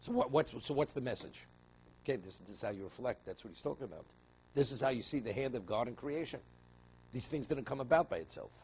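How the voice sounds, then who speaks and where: A man's voice: medium pitch, highs cut off, a little hiss or hum. A man who is a rabbi giving a religious text lesson, telling stories, asking rhetorical questions and often repeating words. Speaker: rabbi teaching a daily class.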